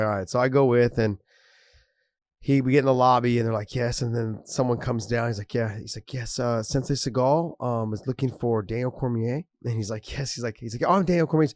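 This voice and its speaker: A man's voice: medium pitch, quick pace, no echo, clean studio sound. Laughing man recounting a story. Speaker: podcast co-host. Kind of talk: casual podcast banter.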